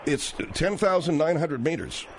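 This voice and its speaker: A man's voice: fairly high pitch, lively intonation, moderate pace, background noise. A man hosting a talk radio show, patiently insisting on his facts with many fillers. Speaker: radio host.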